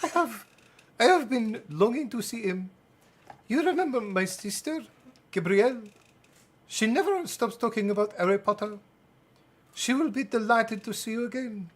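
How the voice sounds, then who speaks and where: A man's voice: high-pitched, very animated, slow, voice pushed up, full character voice. A man voicing a sweet, gushing young French woman in a put-on French accent he calls clumsy, while reading a novel aloud on a live stream.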